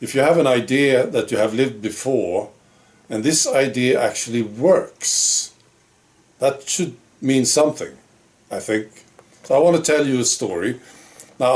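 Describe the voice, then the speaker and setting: A man's voice: medium pitch, a little mellow. A man hosting his own channel, talking through his thoughts in a musing monologue full of rhetorical questions. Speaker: channel host. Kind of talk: reflective monologue to camera.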